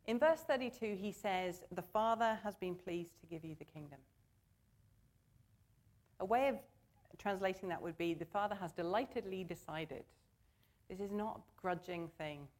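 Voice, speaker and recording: A woman's voice: medium pitch, moderate pace, pauses often, darkish tone. A woman preaching a sermon in church, earnest and conversational, asking the congregation to join in.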